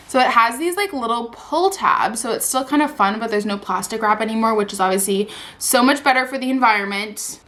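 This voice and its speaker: Her voice on the high side and her delivery a little fast, a twenty-something woman vlogs the unboxing of a new phone. She can't stop squealing, gushing, and dropping "like" and "oh my god."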